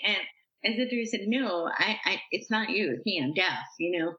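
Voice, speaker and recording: A woman guest on a podcast, telling stories from her life in a chatty, animated way, acting out what people said. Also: medium pitch, brisk. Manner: chatty, animated, uses "like" a lot and acts out quotes. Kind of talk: casual storytelling interview. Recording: echoey room, slightly dull sound.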